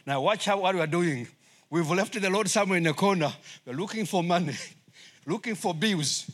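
A middle-aged man who is a missionary, preaching a sermon in English, which is not his first language, lively and acting out voices. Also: high-pitched, moderate pace. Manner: animated, acts out voices and laughs often.

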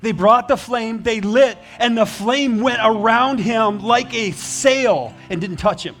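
Male pastor, high voice, impassioned church sermon, soft music behind. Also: a little slow. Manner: impassioned storytelling, rising to emphatic peaks. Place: church sanctuary.

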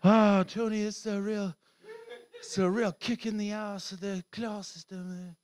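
A man's voice: high-pitched, little pitch movement, unhurried, darkish tone. A man doing surreal stand-up comedy and chatting about his set, absurd and sweary. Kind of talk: surreal stand-up with interview chat.

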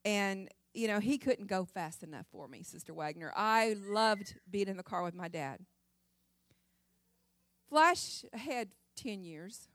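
A woman's voice: mid-range voice, measured pace, no echo. Folksy woman telling a church testimony. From Ohio, USA. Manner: folksy storytelling, chatty and lively, with many restarts. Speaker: guest speaker at a church service. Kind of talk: personal testimony sermon.

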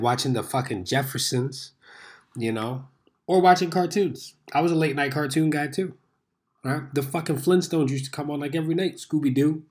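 A man's voice: mid-range voice, a little mellow. Profane, rambling man talking casually. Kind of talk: casual monologue.

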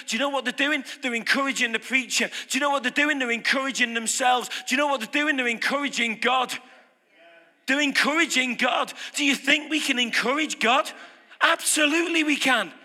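Male preacher, high voice, sharp bright tone, off-the-cuff sermon. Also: brisk. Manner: emphatic, repeats phrases for punch. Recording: long hall reverb.

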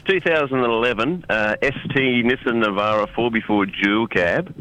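An Australian man on a radio show with a bright, forceful voice. He is chatty and quick to laugh, and he rolls into easy salesman patter while listing a car's features. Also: mid-range voice, poor audio. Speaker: radio show regular, car seller. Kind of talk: casual radio chat.

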